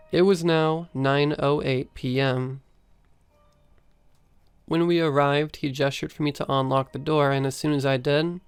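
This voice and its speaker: A man reading a first-person horror story aloud in a steady storytelling manner. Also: mid-range voice, clean tone. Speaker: story narrator.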